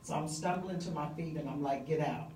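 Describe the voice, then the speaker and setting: A middle-aged woman telling a personal story live on stage, vivid and conversational with frequent pauses and fillers. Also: sits low, warm tone, roomy sound, recorded from a distance, a little hiss or hum, low-quality recording.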